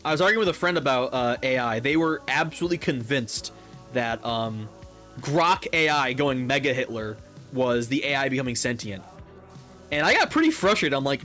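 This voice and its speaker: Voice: medium pitch, expressive, moderate pace, fairly bright tone, faint music behind. A gaming YouTuber ranting over gameplay in a heated, profane way, often repeating words.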